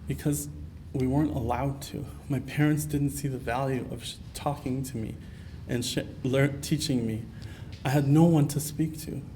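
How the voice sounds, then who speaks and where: A man's voice: medium pitch, mellow, slight background noise. A man from Canada giving a keynote talk at a conference, earnest and personal, telling stories with many fillers. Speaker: keynote speaker. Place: conference hall.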